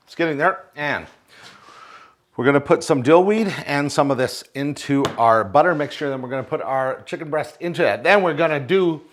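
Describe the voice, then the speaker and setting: A man's voice: a little high, moderate pace, a little hiss or hum. A man hosting a casual home cooking show from his kitchen, rambling and cracking jokey asides to the viewers as he cooks. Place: kitchen at a stove.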